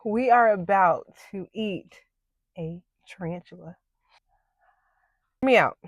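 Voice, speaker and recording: A woman's voice: mid-range voice, no room sound. A young woman vlogging to camera, panicky and squealing, with nervous laughs and plenty of "like" and "y'all". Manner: says "like" and "y'all" a lot. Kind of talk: casual to-camera vlog.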